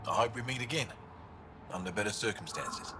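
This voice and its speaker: A man's voice: on the low side, a little fast, background noise, lightly acted. An actor playing a male alien resistance fighter in a video game, speaking formally with an exaggerated Australian accent. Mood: earnest. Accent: Australian, over the top.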